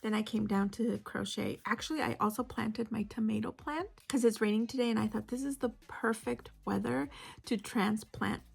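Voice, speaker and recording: A woman's voice: a little high, moderate pace, creaky, slightly rough. A woman chatting casually in a crochet vlog, rambling and often dropping to a whisper. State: unwell with a migraine. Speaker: crochet vlogger. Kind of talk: casual chat. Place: home.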